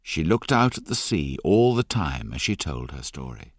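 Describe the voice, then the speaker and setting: A man narrating a graded reader audiobook with clear, expressive delivery. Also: extremely low pitch, no echo, clean studio sound. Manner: slow, clear, expressive reading.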